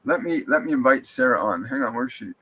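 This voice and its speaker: A man's voice: mid-range voice, animated, brisk, pushed and bright, husky, low-quality recording. A man hosting a live stream as a spiritual medium. He reads viewer comments aloud and answers them in an earnest, reassuring way, often restarting his sentences.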